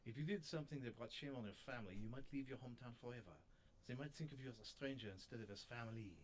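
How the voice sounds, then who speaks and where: A man doing a clumsy French-accented gentleman. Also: mid-range voice, racing, slight background noise, lightly acted. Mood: earnest. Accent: mock French, drifting German.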